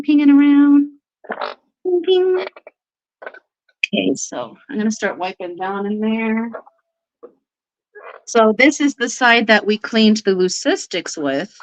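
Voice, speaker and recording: A woman hosting a casual live stream, bubbly and quick to laugh, who baby-talks to her pets while she chats. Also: medium pitch, no room sound. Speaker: livestream host. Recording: dry, slightly dull livestream audio.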